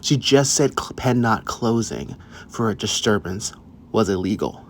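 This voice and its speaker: A man giving blunt, scolding commentary on a clip, talking straight to his viewers. His voice sits fairly low, and a faint hiss runs behind him. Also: expressive, a little slow. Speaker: reaction video host.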